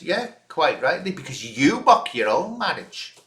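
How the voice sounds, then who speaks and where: Male vlogger, forceful bright voice, indignant scolding rant, roomy echo. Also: fairly high pitch, very animated, a little slow. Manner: indignant, scolding direct address. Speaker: channel host. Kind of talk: ranting reaction video.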